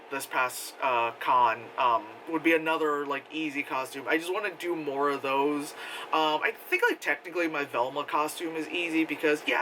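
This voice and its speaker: A man's voice: slight background noise, low-quality recording. A man vlogging a casual convention recap, rambling and swearing freely, laughing often and acting out what people said in a raised voice. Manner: animated, acts out quotes in a high voice, laughs often.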